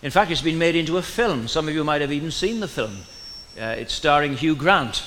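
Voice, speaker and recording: A man from Wales with a Welsh accent, preaching a sermon in a relaxed storytelling way with gentle humor. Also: a little high, a little fast, slight background noise. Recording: long reverb in a large hall, faint ambience.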